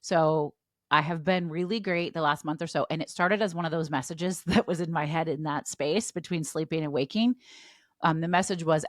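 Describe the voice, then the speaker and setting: A woman's voice: deep voice, moderate pace, no room sound, studio quality. Emphatic woman coach on a podcast. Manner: emphatic, animated storytelling. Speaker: guest coach. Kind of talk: casual podcast chat.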